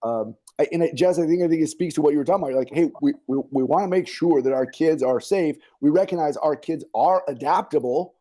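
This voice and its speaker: A man leads a casual community chat over a video call, talking in an animated, rambling way full of fillers and restarts. His voice sits a little high but sounds mellow and relaxed. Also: a little fast, few pauses. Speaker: school administrator hosting a parent forum. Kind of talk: casual online community talk.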